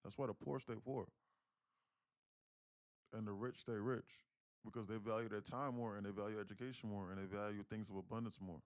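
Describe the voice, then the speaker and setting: A young man day-trading on a livestream, chatting casually and profanely with viewers, telling stories loudly and excitedly. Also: fairly low pitch, brisk, pauses often. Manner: profane, animated storytelling, gets loud and excited.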